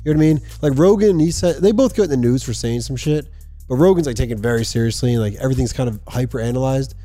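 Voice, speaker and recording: A young man co-hosting a podcast, chatting loosely and cursing now and then. He talks at a brisk clip in a mellow, relaxed voice, with faint music in the background. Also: medium pitch. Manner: rambling, swears casually. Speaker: podcast co-host. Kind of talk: casual chat.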